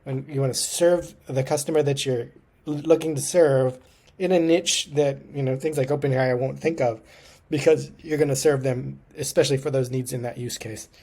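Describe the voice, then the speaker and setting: A man's voice: mid-range voice, steady tone, normal speed, darkish tone. A man giving a casual, upbeat tech commentary, talking conversationally with plenty of fillers.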